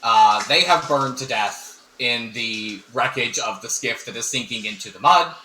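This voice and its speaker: Bright-voiced man running a tabletop game. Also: mid-range voice, expressive, a little slow, a little hiss or hum. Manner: hesitant, with frequent ums. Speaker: game master. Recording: echoey room.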